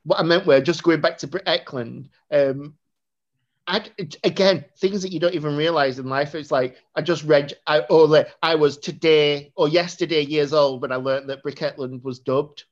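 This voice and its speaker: Here a co-host talks about a movie on a podcast, loose and full of filler words, in a steady mid-range voice at normal speed. Audio quality is dull and lo-fi.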